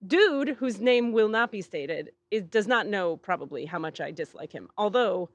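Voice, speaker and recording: A woman's voice: medium pitch, animated, moderate pace, no room sound, dull audio. A woman hosting a podcast, telling a story in casual chat, acting out the people she quotes and swearing freely, recorded outdoors in a back yard. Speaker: podcast host.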